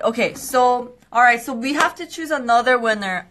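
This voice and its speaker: A young woman hosting a live skincare quiz stream, bubbly and excitable, with quick apologetic asides. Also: high-pitched. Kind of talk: casual live-stream chat.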